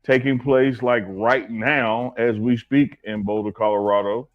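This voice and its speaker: A man's voice: medium pitch, steady tone, a little slow, phone-quality sound, soft background music. A man from Alabama co-hosting a casual sports talk show, joking and teasing his partner. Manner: playful, teasing, sing-song shouts. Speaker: co-host.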